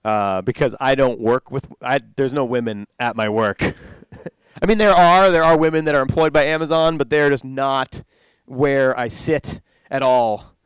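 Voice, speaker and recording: A man's voice: medium pitch, normal speed, clean tone, no echo. A young man doing stand-up at a conference, rambling and interrupting himself as he laughs at his own jokes. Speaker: stand-up comedian. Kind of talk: stand-up comedy. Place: conference stage.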